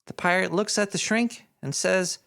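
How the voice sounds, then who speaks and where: A man gives a paranoid male cartoon rat who hosts a radio show a high-pitched, gravelly, slightly bright voice at normal speed. As he reads donations, the live-stream chat rambles scatterbrained, full of jokey asides.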